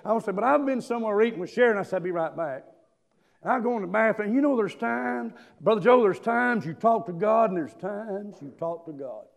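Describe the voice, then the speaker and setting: A man preaching a sermon, telling stories and breaking into shouted hallelujahs. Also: high voice, quick pace, vocal fry, few pauses. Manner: emphatic storytelling, bursts into shouted hallelujahs.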